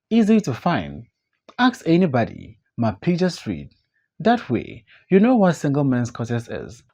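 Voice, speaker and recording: A man voices a wary, sharp-tongued grown man for a stage-play audiobook. He talks bluntly and scolds with lively pitch. His pace stays slow. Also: heavily acted.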